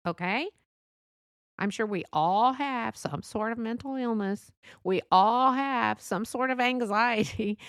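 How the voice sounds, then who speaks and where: A woman's voice: fairly high pitch, fairly bright tone, dry recording, clean studio sound. A woman hosting a casual solo podcast, chatty and laughing often, with frequent restarts. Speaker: podcast host.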